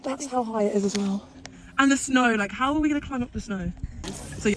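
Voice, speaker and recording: Rambling British woman with a slightly high voice. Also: a little fast. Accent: British English. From Britain. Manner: rambling, swears freely, laughs a lot. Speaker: travel vlogger. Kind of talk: casual chatty travel vlog. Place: outdoors while travelling.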